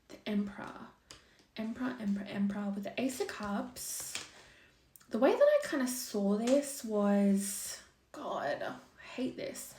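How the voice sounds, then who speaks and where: A woman's voice: fairly high pitch, darkish tone, distant mic. A young woman giving a casual tarot reading, thinking aloud in a loose, chatty way, with lots of likes and ums and the odd swear word. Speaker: tarot reader. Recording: echoey room.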